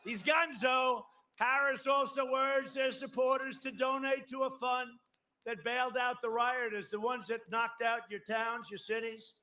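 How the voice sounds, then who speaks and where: In an extremely high, sharp voice with flat delivery and a moderate pace, a politician in his seventies rambles emphatically through a campaign speech into a podium microphone. He's at an outdoor airport rally, with asides to the crowd, on a live broadcast with faint crowd noise.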